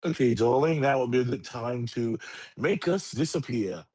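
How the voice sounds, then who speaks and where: A man's voice: mid-range voice, animated, normal speed, warm tone, breathy edge, dry recording, voice pushed up. A man voicing a pampered, coffin-sleeping male creature who drawls and calls everyone darling. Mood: theatrical.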